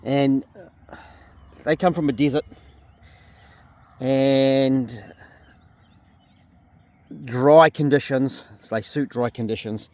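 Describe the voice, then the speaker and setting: His mid-range, slightly mellow voice stays steady and slow, with frequent pauses and no echo. The New Zealand sheep farmer and video host chats casually in a paddock for his outdoor vlog, explaining things and talking to the animals.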